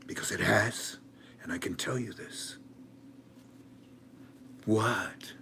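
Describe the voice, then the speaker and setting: A man giving an animated commentary monologue in a dramatic, emphatic way, with many stammering restarts. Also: mid-range voice, takes it slowly, pauses often, a little hiss or hum. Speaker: online currency commentator.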